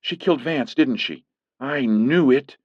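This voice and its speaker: Man doing a jealous woman, possessive, menacing, raised pitch, lo-fi sound. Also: unhurried, dry recording, natural voice. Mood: accusing. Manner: menacing, clingy, accusing. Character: jealous possessive Mafia princess, young woman. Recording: dull lo-fi recording.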